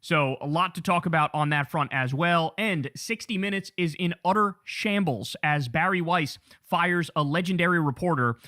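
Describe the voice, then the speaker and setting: A man hosting a commentary show, energetic and chatty, running through the day's headlines. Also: a little high, dry recording, clean studio sound. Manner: energetic, chatty, addresses chat as y'all. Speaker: host. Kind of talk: news commentary show opening.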